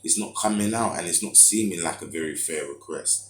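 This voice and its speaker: A young man rants through a casual monologue, heavy with street slang and hesitations. His voice sits low in his chest. The room around him rings with echo. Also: brisk. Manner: frustrated storytelling with street slang and many fillers. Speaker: vlogger.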